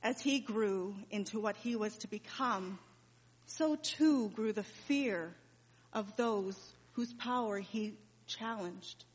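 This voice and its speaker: A woman playing Mary, a grieving mother recalling her son's death, in a slow, emotional dramatic monologue with heavy pauses, heard in a reverberant hall. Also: mid-range voice, breathy edge. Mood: sorrowful.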